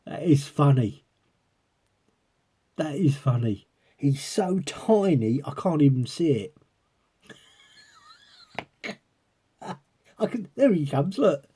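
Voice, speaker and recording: Pitched on the high side, his voice is dark and slightly rough. He's a coin collector vlogging casually for viewers, rambling while he peers through a magnifier and breaking into giggles again and again.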